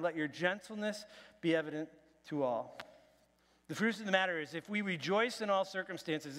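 A man's voice: sits high, a bit bright, big-room sound. A male pastor giving a conversational, self-deprecating sermon in a church. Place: church sanctuary.

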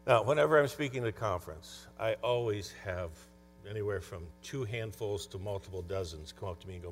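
A man with a fairly low, brisk voice tells stories as a conference speaker and coach, giving a conversational motivational talk. The recording has a long hall reverb and a faint mains hum.

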